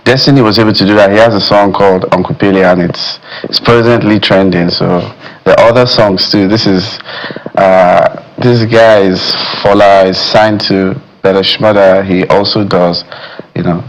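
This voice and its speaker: A man speaking as a music critic in a studio discussion, measured and thoughtful, often saying "you know". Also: sits low, steady tone, rough recording. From Nigeria.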